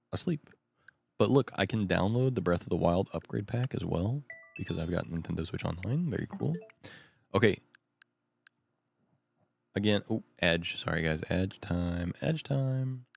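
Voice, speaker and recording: A young man chats casually and rambles, his low voice sliding up and down with excitement. His voice is gravelly and full of fry. It is close and dry, recorded at home at night. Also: no echo. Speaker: vlogger. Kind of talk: casual chat.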